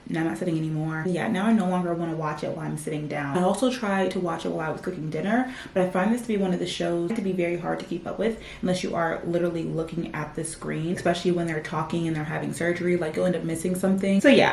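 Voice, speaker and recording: Young woman vlogger, lowish voice, chatty and ranting, echoey home room. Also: creaky, a little mellow. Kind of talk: casual vlog chat. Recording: echoey room, faint background noise.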